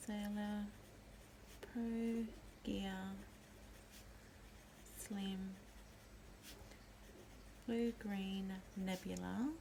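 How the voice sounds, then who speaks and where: A woman hosting a pen and ink video, calmly naming each pen and ink as she shows them. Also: mid-range voice, gravelly, a little hiss or hum. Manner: gentle, unhurried, pausing to name each pen. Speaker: pen and ink channel host. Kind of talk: slow show-and-tell narration.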